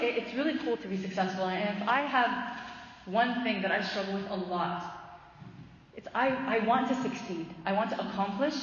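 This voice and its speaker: A woman in her thirties giving a casual faith talk, chatty and loose, with lots of fillers and restarts. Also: mid-range voice. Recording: echoey hall, muffled sound.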